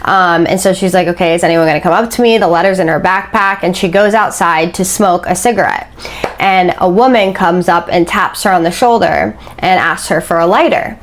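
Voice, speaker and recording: Lowish-voiced woman retelling a story. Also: moderate pace. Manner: chatty, with fillers and restarts.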